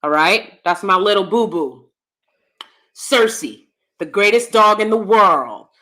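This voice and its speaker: A loud, animated woman hosting a casual livestream commentary and talking straight to her viewers. Her voice is bright and forceful, with a lively, hyped-up delivery. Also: mid-range voice, slow. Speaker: YouTube commentary host.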